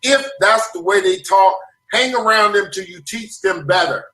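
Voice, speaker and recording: A man with a high, bright voice preaches emphatically as the host, his words rising toward a shout at times. He sounds set back from the mic in a roomy, echoing space. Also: normal speed, far from the mic. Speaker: show host. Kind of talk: preachy talk-show commentary.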